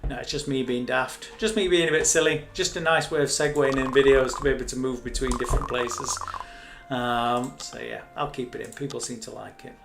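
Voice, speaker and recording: A man's voice: mid-range voice, fairly even intonation, brisk, creaky, over music. A man casually chatting and rambling as host of a live game stream, joking at his own expense. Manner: chatty, rambling, self-mocking.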